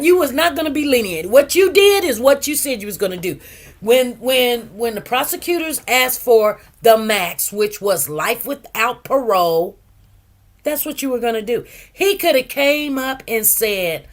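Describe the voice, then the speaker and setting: A woman's voice: fairly high pitch, normal speed. Sassy, emphatic woman commentator. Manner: emphatic, animated retelling with sassy asides. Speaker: true crime news commentator. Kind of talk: casual commentary.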